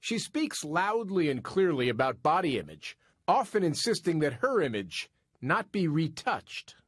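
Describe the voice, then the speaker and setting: A male TV news correspondent narrating a profile piece in a polished, slightly wry manner. His fairly high voice moves with lively intonation. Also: a little slow, slightly rough, no room sound, clean studio sound. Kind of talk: scripted narration and interview.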